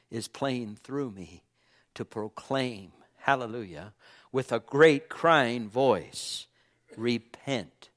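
A man preaching a sermon in an earnest way, his voice dropping low and soft on key phrases.

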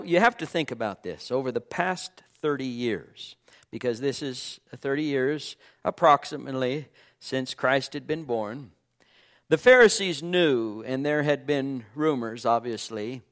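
A man preaching a sermon in an earnest way, his voice dropping low and soft on key phrases. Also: measured pace.

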